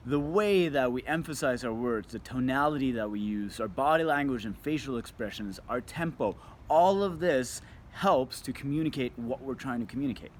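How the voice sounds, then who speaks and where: Male video coach at a middle pitch, expressive emphasis, slight background noise. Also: moderate pace. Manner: expressive, shifts emphasis and tone to demonstrate. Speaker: communication coach. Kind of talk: scripted video talk to camera.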